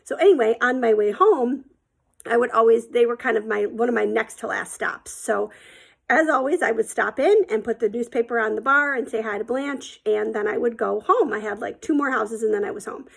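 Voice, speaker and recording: A middle-aged woman tells a story from her own life, loose and chatty, full of filler words. Her voice sits slightly high, with a gravelly fry running through it. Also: fairly quick. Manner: chatty, rambling, many ums and likes. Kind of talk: casual spoken storytelling.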